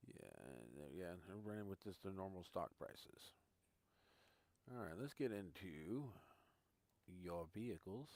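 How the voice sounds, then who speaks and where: A man's voice: low voice, expressive, unhurried, long pauses, darkish tone. A man chatting casually with viewers while he tours a farming game live, thinking aloud as he goes. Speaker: gaming streamer. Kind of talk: casual live-stream commentary.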